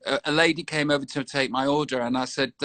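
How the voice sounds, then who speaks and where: A man's voice: mid-range voice, fairly even intonation, fast, pushed and bright, no room sound. A man from England, hosting a casual video-call chat in a rambling, jokey way. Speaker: host.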